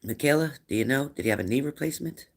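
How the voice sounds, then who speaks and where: A psychic medium hosts a live-stream spirit reading, speaking quickly in a gravelly, mid-range voice with lively intonation. He keeps asking viewers the same probing questions over and over.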